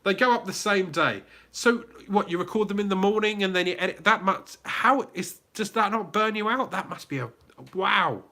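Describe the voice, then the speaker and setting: A man's voice: high-pitched, normal speed, pushed and bright. A man with a British accent hosting a YouTube livestream Q&A, reading out viewers' comments and greeting them by name in a chatty way. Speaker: YouTube channel host.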